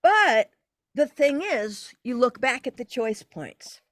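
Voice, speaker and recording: An older woman, a podcast guest, telling a long personal story in an animated way, her pitch leaping as she relives moments. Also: takes it slowly, dry recording, studio quality. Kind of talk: casual storytelling interview.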